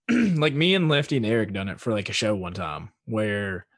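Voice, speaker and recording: A man's voice: on the low side, very animated, normal speed, dry recording, clean studio sound. A man hosting a podcast, chatting casually, rambling and swearing with lots of filler words. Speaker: podcast host.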